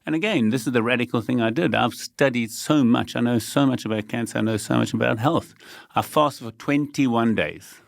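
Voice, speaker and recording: A man's voice: mid-range voice, normal speed, vocal fry, no echo, clean studio sound. A South African man, a guest telling his story in a determined, emphatic way, laughing lightly now and then. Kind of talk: conversational storytelling.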